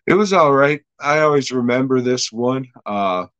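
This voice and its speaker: A man's voice: medium pitch, expressive, moderate pace, a bit bright, smooth, dry recording, rough recording. A man hosting a podcast, recapping an episode in a profane, rambling way and laughing often. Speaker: podcast host reviewing an episode. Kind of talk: casual chat.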